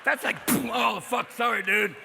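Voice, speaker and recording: A man doing a live stand-up set, manic and profane, jumping in and out of quick impressions. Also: very high voice, vocal fry. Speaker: stand-up comedian. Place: on stage before a live audience. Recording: live crowd laughter, noisy hall.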